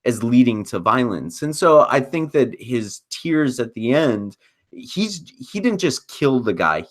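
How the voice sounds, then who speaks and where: A man on a podcast panel talking thoughtfully, halting with many fillers and now and then sarcastic. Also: mid-range voice, fairly bright tone. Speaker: podcast co-host. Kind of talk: casual roundtable discussion.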